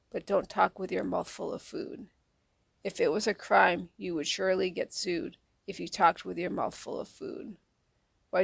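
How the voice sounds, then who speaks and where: Female audiobook reader for children's verse; soft, even, unhurried, slightly gravelly, dry close mic. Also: fairly low pitch, no room sound. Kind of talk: reading children's poems aloud.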